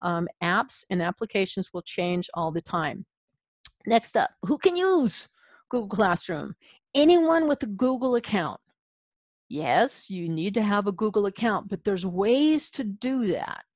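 A woman's voice: medium pitch, big pitch swings, measured pace, no echo. A woman leading an adult education training session, chatty and informal, checking in with "okay?" as she goes. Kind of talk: instructional webinar presentation.

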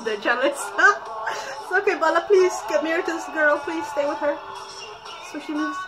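Excitable high-voiced woman over loud music. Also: moderate pace, a loud crowd, low-quality recording. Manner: excitable, loud outbursts, laughing. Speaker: vlogger reacting to a video. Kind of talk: reaction vlog chat. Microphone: phone. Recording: music playing loudly behind. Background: music from the video being watched.

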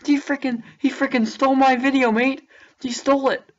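A young woman YouTuber rants to camera in mock outrage for comedic effect, repeatedly calling her listeners "mate." Her voice sits high with a level tone and moderate pace, and the recording's highs are cut off.

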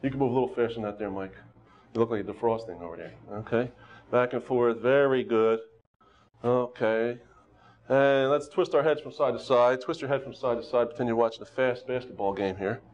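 A jokey karate instructor calls out warm-up moves and ribs his students as he goes. His voice sits in an ordinary middle range. The recording is dull and lo-fi, like an old local TV studio tape. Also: medium pitch, a little fast. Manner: jokey, teasing coach calling out exercises. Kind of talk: leading a warm-up on a local TV show.

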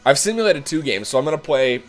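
A man hosting let's-play commentary of a hockey video game, excitable, who swears and shouts at the game. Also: a little high, fast, soft background music. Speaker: gaming channel host.

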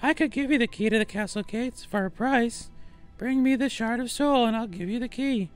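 Man doing a falsetto game lady. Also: moderate pace, clean tone, faint music behind. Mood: haughty. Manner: mock-sophisticated falsetto. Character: prim young woman quest-giver in falsetto.

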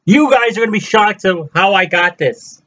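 A man's voice: high voice, normal speed, sharp tone, muffled recording. A man vlogging about his collection, gushing and repeating himself as he speaks straight to his fellow fans. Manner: gushing, repetitive, addresses viewers as fellow fans. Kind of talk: excited unboxing vlog.

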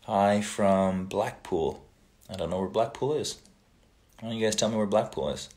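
A man hosting a casual livestream, reading out viewer comments and greetings and answering them in a relaxed way, now and then slipping into Italian phrases. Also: on the low side, moderate pace.

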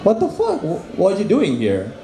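An incredulous Jesus, put on by a man in a stand-up bit, his voice leaping very high as he swears in disbelief. It rings with an echo off the room. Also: huge pitch swings, normal speed, gravelly, warm tone, full character voice.

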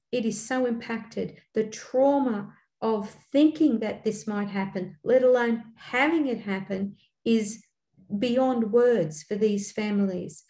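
An older woman, speaking earnestly as a community elder on a panel, pausing often with fillers. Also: medium pitch, warm tone. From Australia. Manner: earnest, halting, with frequent fillers. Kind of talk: panel talk. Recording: echoey room.

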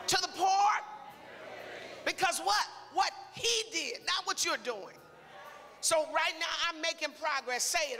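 A male preacher delivering a call-and-response sermon, exhorting the congregation and building to shouts. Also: very high-pitched. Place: church sanctuary. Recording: reverberant church hall, faint crowd.

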